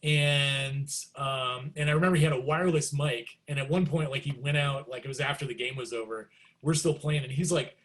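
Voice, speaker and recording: A middle-aged man, a guest musician, telling stories in a casual interview and acting out quotes with big jumps in pitch. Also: steady tone, fairly quick, a bit bright.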